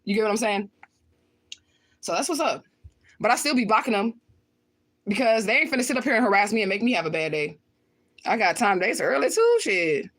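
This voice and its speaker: A woman's voice: mid-range voice, a bit bright. A woman ranting on a livestream, talking straight to her chat in a heated, profane way. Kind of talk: livestream rant to viewers.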